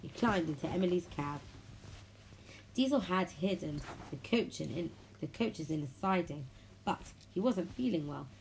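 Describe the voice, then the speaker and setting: A woman reads a children's storybook aloud in a low, slightly gravelly voice. Her delivery is lively and friendly, slipping into little character voices. Faint hiss sits under the recording. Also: normal speed, rough recording. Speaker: children's audiobook reader.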